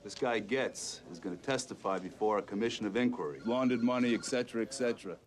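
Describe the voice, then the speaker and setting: Man acting gruff police captain, film, blunt profane orders, lowish voice. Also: fast, lightly acted.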